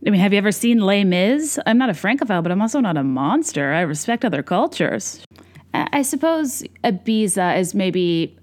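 A woman's voice: mid-range voice, very animated, moderate pace, darkish tone. A young adult woman hosting a podcast, talking in a wry, self-deprecating, rambling monologue. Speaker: podcast host. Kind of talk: casual comedic monologue.

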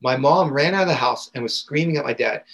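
A man's voice: mid-range voice, quick pace, a bit bright, low-quality recording. A young man, a guest coach, retelling a painful personal experience in an intense, raw and vivid way. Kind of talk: emotional personal storytelling.

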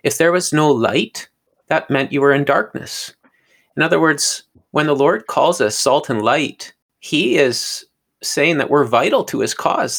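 A man's voice: on the high side, animated, measured pace, gravelly, a bit bright, breathy edge. A man teaching on a podcast in an earnest, sermon-like way, often stumbling and repeating words. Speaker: podcast co-host teaching on scripture.

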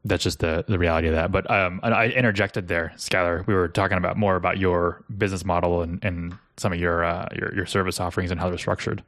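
A man's voice: deep voice, steady tone, quick pace, hardly any pauses, fairly bright tone, no echo, clean studio sound. A man hosting a podcast interview, talking in a casual, chatty way with fillers. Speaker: podcast host.

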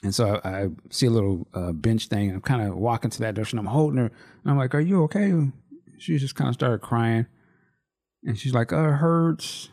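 A man's voice: on the low side, fairly quick, darkish tone. A man in his thirties, a podcast co-host, telling a story in loose, rambling casual chat.

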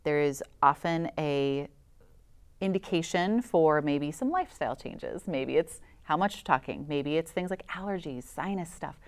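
A woman's voice: low-pitched, smooth. A woman who works as a voice specialist, giving enthusiastic explanations as a guest in an interview.

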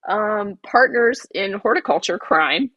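A woman's voice: mid-range voice, animated, unhurried, fairly bright tone, breathy edge, no echo. A woman, a garden designer and podcast guest, telling an emotional personal story with many asides.

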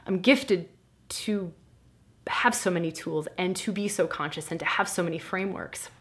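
A woman in a podcast conversation, telling a candid personal story in an animated, self-mocking way and swearing now and then. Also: fairly low pitch, normal speed.

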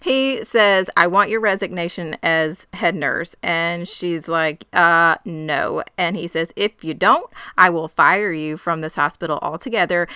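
A woman recapping a TV episode in casual conversation, her delivery wry and quick with dry jokes. Her voice is crisp and bright, recorded close and dry with no room sound. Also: on the low side, dry recording. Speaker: podcast co-host.

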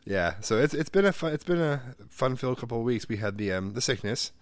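A man in his thirties co-hosting a podcast, rambling through a story in a casual, animated way and jumping up high when he quotes people. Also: fast talker, no echo. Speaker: podcast co-host. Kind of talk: casual chat.

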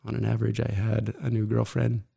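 Gravelly middle-aged man, earnest. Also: lowish voice, completely flat delivery, dark tone. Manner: earnest, halting, reflective. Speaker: guest. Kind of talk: personal story in an interview.

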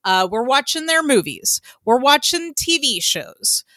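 A woman's voice: high voice, sing-song, measured pace, pushed and bright, no room sound, clean studio sound. A woman co-hosting a casual podcast, chatty and loose, with lots of ums and the odd swear word. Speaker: podcast co-host. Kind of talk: casual chat.

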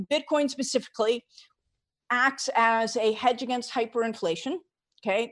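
A middle-aged woman with a somewhat high-pitched voice answers interview questions as a financial advisor. She explains her reasoning methodically, leaning on key figures with emphasis. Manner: walks through figures step by step, emphatic.

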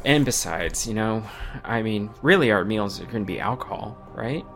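Male co-host, lowish voice, chatty and self-mocking, faint music in the background. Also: animated, moderate pace, fairly bright tone. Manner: jokey, self-deprecating, chatty. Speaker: podcast co-host. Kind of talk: casual gaming podcast chat.

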